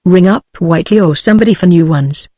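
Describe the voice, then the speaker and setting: Bossy domineering professor guy, read by a british tts lady, brusque and commanding, plain even reading, dry close sound. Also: lowish voice, fast, dry recording, natural voice. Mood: imperious. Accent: British English. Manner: overbearing and commanding.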